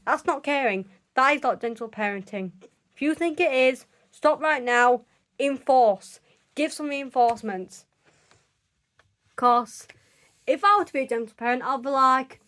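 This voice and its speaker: High-voiced woman giving her opinion. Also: normal speed, a bit bright. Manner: emphatic and insistent, with many restarts. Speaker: vlogger. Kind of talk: opinion monologue.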